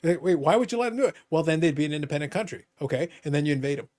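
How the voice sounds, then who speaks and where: A man from Canada hosting a casual live show, talking with lots of swing in his voice and a slightly raised pitch. He jokes constantly and drops into mock-outraged bits. The chat stays loose and conversational. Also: racing, noisy background. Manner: animated, jokey, mock-outraged asides. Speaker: podcast host.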